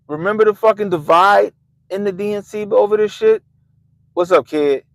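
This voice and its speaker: A man hosting a livestream, ranting casually and swearing constantly, swinging between loud outbursts and low mutters. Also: moderate pace, long pauses, no room sound, rough recording. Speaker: livestream host. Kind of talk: profane casual rant. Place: Baltimore.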